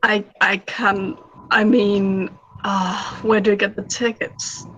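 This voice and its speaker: A woman playing a tabletop game who speaks slowly. She hesitates as she decides what to do. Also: mid-range voice, little pitch movement, highs cut off. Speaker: player.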